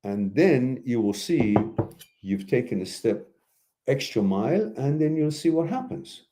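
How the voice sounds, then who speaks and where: Emphatic man giving blunt relationship advice. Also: a little slow. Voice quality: animated, emphatic, swings high when exclaiming. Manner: blunt and preachy, mixes in laughter and asides. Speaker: host answering viewer questions. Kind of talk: live stream Q&A, casual advice.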